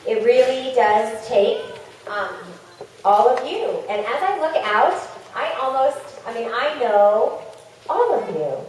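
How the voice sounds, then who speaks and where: A woman on the school staff acting as emcee, making ceremony announcements in a halting way with many ums. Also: a little high, animated, a little mellow. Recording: echoey hall from far off, noisy.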